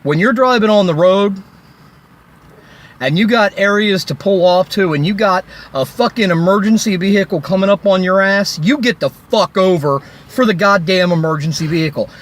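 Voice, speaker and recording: Recorded roadside, this man's angry phone rant is full of heavy swearing and sarcasm. He's a vlogger, and his high-pitched voice runs at normal speed.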